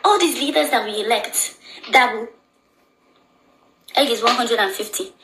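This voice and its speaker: Young woman, Nigerian accent, anxious and repetitive, sharp tone, echoey room. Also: a little high, moderate pace, a little hiss or hum. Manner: anxious, repeats phrases over and over. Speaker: social media personality. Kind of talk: emotional social media video.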